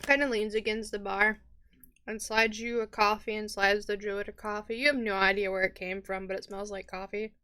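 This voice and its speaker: A woman game master narrating a tabletop game in a relaxed, matter-of-fact way. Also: mid-range voice, normal speed, clear, resonant tone.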